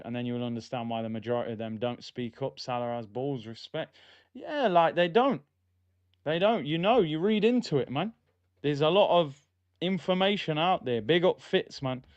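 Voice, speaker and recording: Reading chat aloud and shouting at near misses, this young streamer gives casual live commentary over a football match. He speaks at medium pitch with a clean tone, and his streaming mic yields a dry, lo-fi recording.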